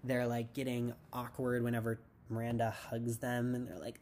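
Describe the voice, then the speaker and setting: Man, podcast host, casual recap, rambling, sarcastic, mid pitch. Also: completely flat delivery, moderate pace, a little mellow, slight background noise.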